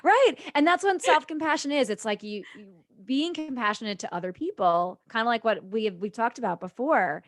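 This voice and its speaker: A woman co-hosting a podcast, telling a story in a casual, animated way and laughing often. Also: a little high, fairly quick, few pauses, dry recording, studio quality. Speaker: podcast co-host.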